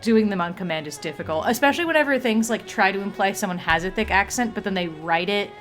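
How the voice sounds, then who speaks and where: A woman's voice: mid-range voice, fast talker, fairly bright tone, soft background music. A woman chatting casually on a livestream, rambling along with many fillers and restarts. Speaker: streamer.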